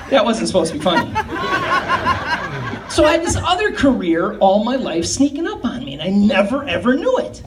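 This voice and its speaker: Self-mocking middle-aged man doing stand-up. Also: high voice. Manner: rambling, crude, self-mocking storytelling. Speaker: amateur stand-up comedian. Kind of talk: stand-up comedy set. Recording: distant mic, noisy live room.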